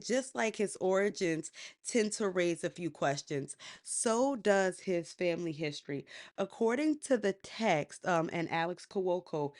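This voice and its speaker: A woman podcast host retelling myths in a casual, slangy, conversational way. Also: mid-range voice. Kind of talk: casual storytelling lecture.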